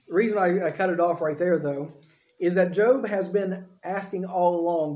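At normal speed, a high-voiced, mellow pastor preaches a sermon that feels relaxed and conversational, and he performs bits of dialogue along the way. The acoustics are echoey and spacious, like a church hall.

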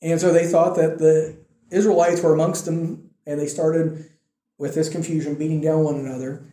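A male preacher retelling a scripture story in a relaxed, conversational way, his voice pitched a little high but mellow in tone. He bursts into lively quoted lines as he tells it. The room around him is echoey. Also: moderate pace. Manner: animated storytelling, acting out the quotes. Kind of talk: conversational sermon.

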